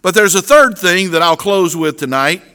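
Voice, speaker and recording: A man's voice: high voice, animated, moderate pace, pushed and bright, clear, resonant tone. A middle-aged man preaching an earnest sermon as pastor, often repeating words as he restarts his phrases. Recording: long reverb of a large hall.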